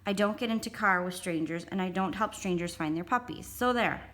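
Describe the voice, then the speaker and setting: A woman's voice: fairly low pitch, fairly quick, fairly bright tone, natural voice. A woman voicing a cheeky, chatty little boy of about five in a read-aloud story. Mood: insistent. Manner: chatty, eager, matter-of-fact.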